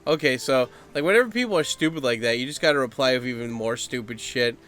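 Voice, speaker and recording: Bright-voiced man ranting to camera. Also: mid-range voice. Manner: animated, profane, mimics others in quick put-on voices. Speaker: YouTuber. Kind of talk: casual ranting vlog. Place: Japan.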